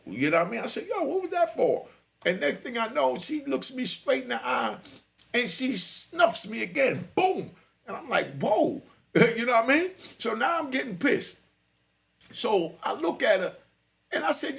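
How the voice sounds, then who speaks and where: Gravelly New man telling street stories. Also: sits high, fairly bright tone. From New York. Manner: laid-back, full of "you know", chuckles. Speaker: podcast host. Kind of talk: street storytelling monologue.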